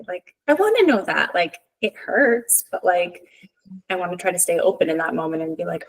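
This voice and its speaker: Gravelly-voiced woman telling stories. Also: lowish voice, moderate pace, low-quality recording. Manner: lively storytelling, acts out quotes. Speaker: family therapist guest. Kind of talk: casual podcast conversation.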